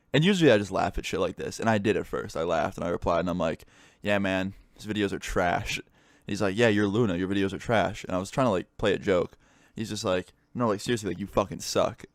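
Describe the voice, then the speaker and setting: A young man, a gaming YouTuber, casually telling a story time vlog, swearing freely and animated as he retells events. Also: fairly low pitch, no room sound, studio quality.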